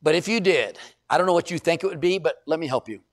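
A middle-aged male pastor preaching a sermon in a church, animated, often repeating words and putting questions to the congregation. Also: a little high, fast.

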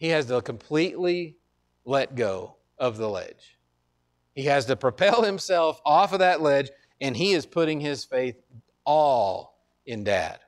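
A man's voice: mid-range voice, expressive, a little slow. A man pastor preaching a sermon in an earnest, conversational way, repeating key phrases and restarting his sentences. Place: church.

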